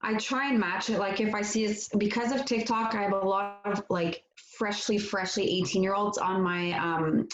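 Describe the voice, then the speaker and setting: A woman's voice: medium pitch, fairly even intonation, normal speed, hardly any pauses. A French-speaking woman, a guest on a live-stream interview, who talks casually and upbeat with many fillers. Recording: roomy, dull lo-fi audio.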